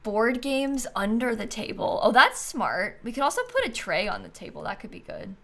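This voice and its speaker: A woman's voice: on the high side, sing-song, moderate pace, fairly bright tone. A woman streaming a game, chatting casually and musing aloud as she decorates, talking to her chat and sleepy enough to keep yawning. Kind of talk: casual livestream commentary while playing.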